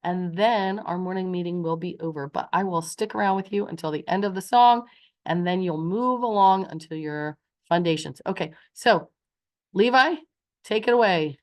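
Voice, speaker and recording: A woman teacher leading a morning meeting for young children, with a lively, sing-song, exaggerated delivery. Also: lowish voice, moderate pace.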